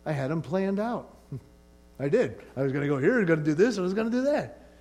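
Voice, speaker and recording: Male pastor mid-sermon, high and expressive, playful energy, works the room. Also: fast talker. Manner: animated preaching, rising and falling emphasis, call-and-response asides.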